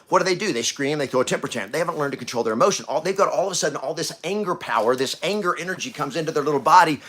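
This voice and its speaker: A man in his fifties hosting a podcast, giving a preachy motivational talk that swings between loud bursts and hushed asides. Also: fairly high pitch. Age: 50s. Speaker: podcast host.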